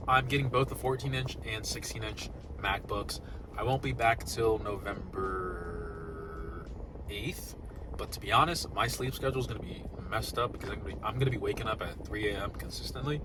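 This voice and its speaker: A young man vlogging casually about new laptops, swinging between loud excitement and mumbled asides. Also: lowish voice, background noise. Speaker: tech YouTuber.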